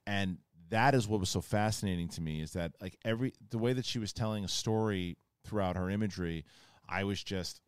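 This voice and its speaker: Male host, deep clear voice, chatty movie talk, restarts often. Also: a little fast, no room sound, studio quality. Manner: rambling, restarts, animated bursts. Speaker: podcast host. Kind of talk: casual film review chat.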